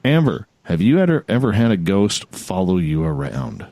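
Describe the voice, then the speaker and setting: A man in his forties hosts a radio talk show in a low voice that swings widely in pitch. He tells stories with animated repetition, recorded dry and close with no room echo. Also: moderate pace, gravelly. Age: 40s. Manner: animated storyteller, repeats phrases. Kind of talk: casual storytelling chat.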